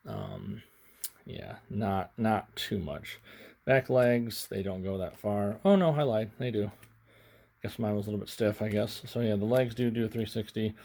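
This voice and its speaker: A man's voice: fairly low pitch, creaky, darkish tone. A young man casually reviewing a toy on camera, out of breath and rambling, stammering and apologizing as he goes. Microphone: camera mic, handling toys on camera.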